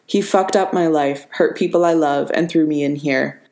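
A woman voicing a weary, grounded male soldier hero who speaks quietly and wryly in an audiobook reading. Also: deep voice, normal speed. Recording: roomy reverberant room.

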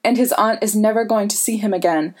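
A woman's voice: medium pitch, a little fast, pitched above the performer's own voice, natural voice. A woman voicing a bitter, snarky young woman locked in a prison cell. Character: cocky snarky young man, sarcastic prisoner.

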